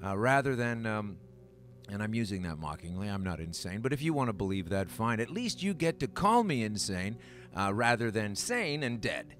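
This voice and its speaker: A man's voice: on the low side, big pitch swings, moderate pace, a bit bright, faint music behind. A Canadian man hosting a podcast in casual chat, rambling with lots of fillers and restarts. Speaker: podcast host.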